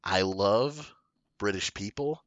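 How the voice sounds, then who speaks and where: Podcast co-host, male, low-pitched but bright and lively, dry close sound. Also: slow, dry recording. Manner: animated, swears freely, jokey storytelling. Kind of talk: casual chat.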